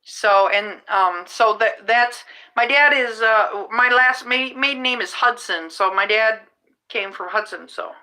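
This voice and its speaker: Middle-aged woman, podcast host, high and bright, slow, rambling casual chat. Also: rough recording. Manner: rambling, restarts mid-sentence, chatty. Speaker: rideshare driver and podcast host.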